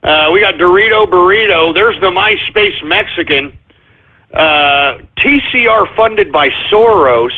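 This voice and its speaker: A man hosting a talk radio show, ranting loudly with shouted bursts and drawn-out emphasis on key words. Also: high-pitched. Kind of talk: ranting internet radio monologue. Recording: tinny phone-like radio stream.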